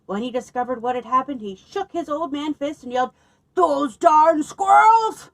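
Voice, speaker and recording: A woman librarian reading a picture book aloud at children's story time, expressive and lively, pausing to ask her listeners questions. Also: high-pitched, rough recording.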